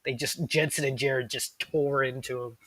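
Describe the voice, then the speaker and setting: A man's voice: mid-range voice, steady tone, a little slow, a bit bright, no echo. A man co-hosting a podcast, chatting with enthusiasm, rambling with lots of fillers and restarts. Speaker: podcast co-host. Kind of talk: casual chat.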